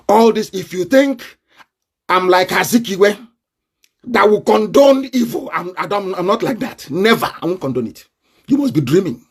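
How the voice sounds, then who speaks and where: A man's voice: high voice, husky. A man with a Nigerian accent, speaking in a fiery, confrontational live online broadcast and breaking into mocking laughter. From southeastern Nigeria.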